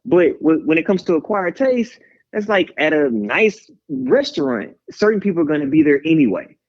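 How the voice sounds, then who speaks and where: In candid interview talk, a Houston, Texas musician appearing as a guest rambles and rants, full of hype-man energy as he pumps people up. His voice is a little high at a normal speed, heard through slightly dull lo-fi radio audio.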